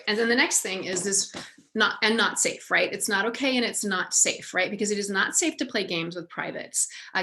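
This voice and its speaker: A woman's voice: medium pitch, fairly bright tone. A woman sex educator teaches a casual online class in a chatty, candid way. She keeps it conversational and now and then acts out short lines a parent might say. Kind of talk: casual online training talk.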